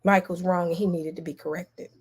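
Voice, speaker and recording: Fairly low-pitched and slightly rough, this woman vlogger speaks fairly quickly with fairly even intonation. She delivers casual, emphatic commentary directly to viewers, repeating herself and restarting frequently.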